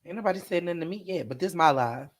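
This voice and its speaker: A woman guest on a podcast, loud and joking in casual chat. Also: fairly low pitch, lively intonation, fast talker.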